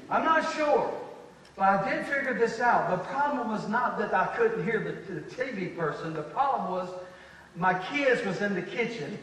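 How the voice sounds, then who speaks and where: A man in his fifties, a pastor preaching a sermon, swinging between loud declarations and quiet conversational asides. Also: high-pitched, lively intonation, normal speed, slight background noise. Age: 50s. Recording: echoey hall from far off.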